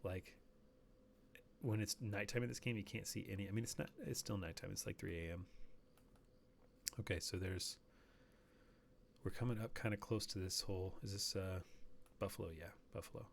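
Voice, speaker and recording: A man's voice: fairly low pitch, steady tone, normal speed, creaky, long pauses, a little hiss or hum. A man streaming a hunting game, rambling casually and dropping to a near whisper while sneaking up on animals. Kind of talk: casual gameplay commentary.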